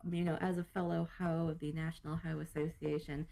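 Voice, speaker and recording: Female podcast co-host, lowish and warm, loose banter with faint hiss behind. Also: level tone, brisk, gravelly, poor audio. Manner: laughs often, swears casually. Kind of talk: casual comedic chat.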